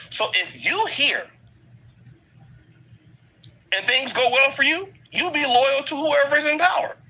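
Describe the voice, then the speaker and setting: A man's voice: extremely high pitch, pushed and bright, breathy edge, low-quality recording. A middle-aged American man with an African American English accent, living abroad and delivering a blunt, emphatic commentary rant that hammers the same points over and over. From United States. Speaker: commentary vlogger. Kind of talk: ranting commentary.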